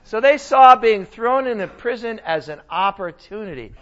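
A man teaching a Bible lesson in a casual, animated sermon style, often asking his listeners questions. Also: sits high, normal speed, dull audio. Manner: animated, conversational, asks the audience questions.

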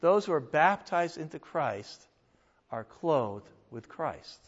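A man's voice: fairly high pitch, big pitch swings, slow pace, breathy edge. A man preaching a sermon in an emphatic, conversational way, firing off rhetorical questions. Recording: dull sound in a reverberant hall.

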